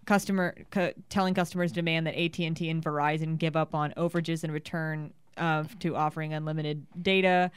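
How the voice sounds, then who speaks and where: A young woman co-hosting a casual radio show, chatting excitedly through tech news with lots of restarts. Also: deep voice, a little fast, hardly any pauses, clear, resonant tone, no room sound. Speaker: podcast co-host reading tech news.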